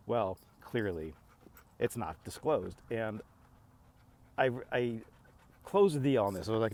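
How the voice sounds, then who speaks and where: A man's voice: lowish voice, lively intonation, a little slow, pauses often, a little mellow. A middle-aged man vlogging in a casual, rambling way, exasperated and full of restarts as he acts out both sides of arguments. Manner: exasperated, rambling, lots of restarts and quoted back-and-forth. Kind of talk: casual talking-to-camera rant.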